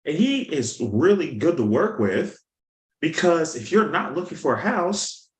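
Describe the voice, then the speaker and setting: A man teaches sales in a lively, storytelling way, his pitch bouncing up and down as he acts out quotes. His voice sits a little high for a man. The room around him is echoey. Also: a little slow. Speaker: sales coach. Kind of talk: motivational teaching talk.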